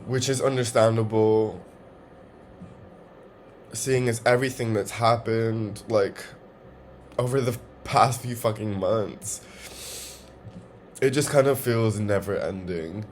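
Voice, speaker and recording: A young man vlogging from home, talking in a halting, emotional way and swearing often. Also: fairly low pitch, slight background noise. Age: young adult. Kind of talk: confessional personal vlog.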